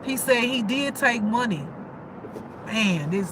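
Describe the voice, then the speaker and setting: A woman's voice: on the high side, expressive, slow pace, long pauses, noisy background. A woman giving a casual intuitive spiritual reading, emotional and repetitive, with frequent cursing.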